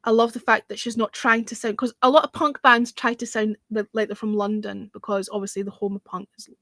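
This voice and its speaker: A woman's voice: mid-range voice, little pitch movement, a little fast, fairly bright tone, no room sound. A woman hosting a livestreamed music review panel, giving blunt, opinionated views in casual chat. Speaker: music show host.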